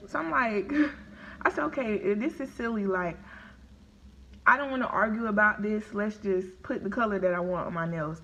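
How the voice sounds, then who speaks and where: A woman's voice: mid-range voice, normal speed, muffled recording, noisy background. A woman vlogger telling a story to her viewers in casual, chatty talk, during a live-streamed eating video. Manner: chatty, animated, talks to viewers as y'all. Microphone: phone or webcam on live stream.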